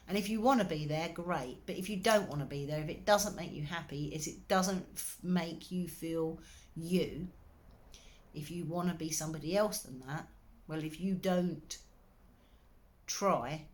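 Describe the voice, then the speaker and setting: Low-voiced woman giving earnest advice. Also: measured pace. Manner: earnest, encouraging, speaks straight to the listener. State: slight throat irritation. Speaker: wellbeing coach. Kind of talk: direct-to-camera advice talk.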